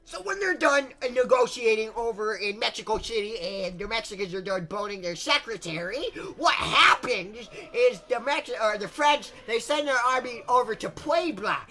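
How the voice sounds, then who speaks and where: Bright-voiced man in a crude comic rant. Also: very high voice. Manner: crude, rambling, mocking. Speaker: comedy history narrator. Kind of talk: comic history explainer.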